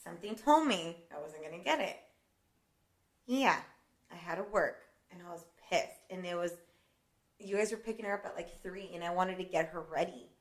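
A woman's voice: lowish voice, normal speed. Swearing, laughing woman in an echoey room. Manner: animated, swears freely, laughs often. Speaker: co-host. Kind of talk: casual chat.

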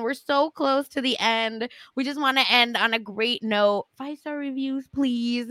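A woman chats casually as a podcast co-host, her voice set a little high with a bright, forceful edge. She talks in a lively way and often slips into other people's voices. The sound is dry and close. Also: no echo. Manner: lively, acts out quotes from others.

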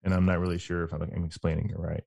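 Man, very deep voice, gravelly, mellow tone, probing questions. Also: monotone, racing, no room sound, studio quality. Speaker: podcast host. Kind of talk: casual podcast chat.

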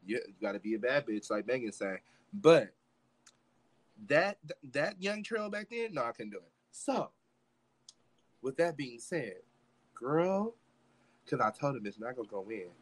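His medium-pitched, slightly rough voice is animated at a normal speed, broken by long pauses, with no room sound. The young man tells a story on a podcast dramatically, acting out quotes and swearing often.

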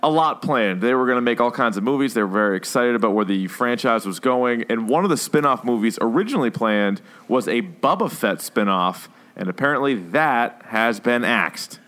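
Brief: male podcast host, mid-pitched, chatty, laughs and swears casually. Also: lively intonation, normal speed, few pauses, fairly bright tone. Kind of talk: casual chat.

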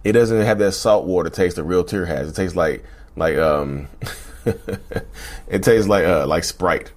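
A man hosting his own channel, talking casually to viewers, repeating himself and calling them y'all. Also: sits low. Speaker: channel host. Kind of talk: casual talk to camera.

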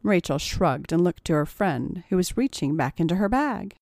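A woman narrating an adult audio story in a steady, even storytelling manner. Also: lowish voice, moderate pace, gravelly, no echo, clean studio sound. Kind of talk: erotic audio story reading.

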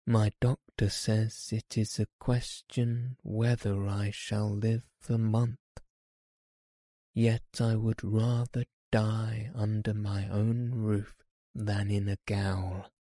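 A man voicing a weary, dying old man in a slow, grave audiobook reading. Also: on the low side, level tone, dark tone, no echo. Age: older.

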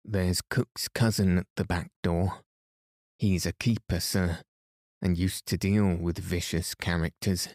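A stubborn, gruff manservant talks low and firm in a rustic way, as a man puts him on. His deep voice moves slowly and stays flat, dry and close. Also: no room sound.

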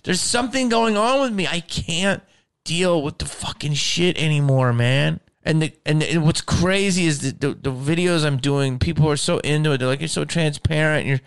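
A man's voice: on the high side, normal speed, creaky, smooth. A man ranting in a casual, profane chat, often restarting his sentences as a podcast host.

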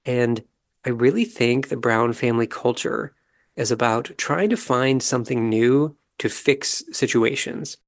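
A man hosting a podcast, giving a calm, measured, analytical commentary as he recaps a reality show episode. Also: medium pitch, creaky. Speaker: podcast host.

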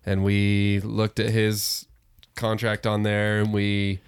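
A man's voice: fairly low pitch, completely flat delivery, slow, clean tone, no room sound. Laid-back man talking sports, dry sound. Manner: laid-back, opinionated, laughs easily. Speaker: podcast co-host. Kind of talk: casual sports chat.

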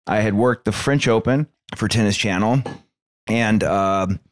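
A man's voice: on the low side, unhurried, no echo, studio quality. A man hosting a sports podcast, telling a story in a laid-back way with lots of fillers. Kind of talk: casual chat.

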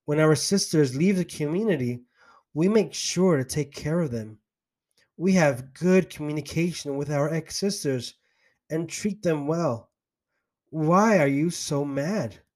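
A man's voice: a little high, lively intonation, measured pace, a little mellow. A man voicing a stern, domineering older woman who leads a religious community, harsh and falsely sweet. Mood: falsely pitying.

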